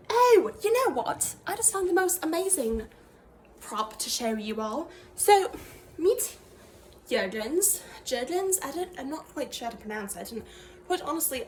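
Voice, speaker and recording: A woman's voice: high voice, slight background noise. A young woman playing a self-serious fake professor in an improvised comedy sketch, talking in a rambling, mock-serious way with lots of fillers and trailing sentences. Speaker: comedy creator.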